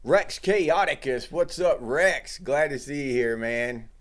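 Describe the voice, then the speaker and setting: A man's voice: medium pitch, slow pace. A middle-aged man hosting a casual livestream, chatting loosely and greeting viewers in the chat. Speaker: livestream host.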